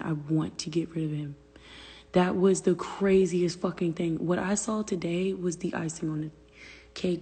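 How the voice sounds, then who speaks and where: A woman's voice: fairly low pitch, dark tone, husky, big-room sound. A young woman venting on a phone livestream, profane and exasperated, answering viewer comments aloud. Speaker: livestream host. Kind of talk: casual livestream rant.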